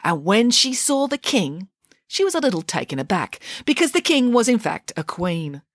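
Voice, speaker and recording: Animated woman reading a children's story. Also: medium pitch, moderate pace, no room sound, clean studio sound.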